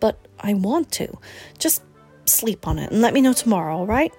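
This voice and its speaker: A woman voicing a lively young woman who is a protective best friend, emphatic and teasing, raising her pitch for the part. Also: moderate pace, breathy edge, soft background music.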